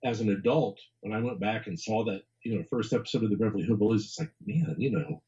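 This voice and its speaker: Mellow-voiced man, rambling interview guest. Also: lowish voice, quick pace, dull audio. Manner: rambling, repeats words, chuckles often. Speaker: author and historian guest. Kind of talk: casual interview conversation.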